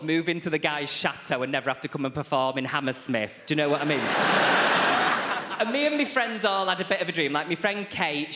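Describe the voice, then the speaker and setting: A man, doing a stand-up routine on a theatre stage with animated, camp storytelling and sharp asides. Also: a little high. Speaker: stand-up comedian. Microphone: handheld stage mic. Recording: roomy live theatre sound. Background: audience laughter.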